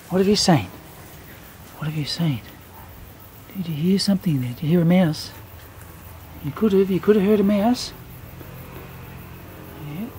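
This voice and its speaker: A woman coos to her cat in tender, doting baby talk as she follows it around a garden. Her voice is mellow and warm. Faint noise hums under the recording. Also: fairly low pitch, low-quality recording. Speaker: cat owner filming her cat. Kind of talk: cooing talk to a pet.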